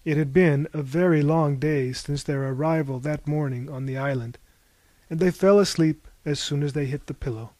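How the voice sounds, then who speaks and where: A man narrating an audiobook in a measured storytelling voice. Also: fairly high pitch, darkish tone, dry recording.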